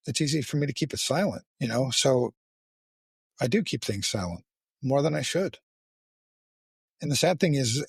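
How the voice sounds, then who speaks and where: Male podcast host with a rough, husky voice, candid and profane. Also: mid-range voice, no echo, clean studio sound. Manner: blunt, frequent swearing, halting restarts. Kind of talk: candid casual conversation.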